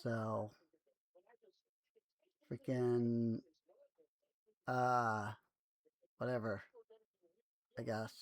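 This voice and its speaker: An unhurried game master talks through a tabletop session, relaxed and chatty. The voice is dry and close to the mic, with no room sound behind it. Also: mid-range voice, no room sound. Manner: relaxed, chatty, laughs easily. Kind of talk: narrating a tabletop game over voice chat.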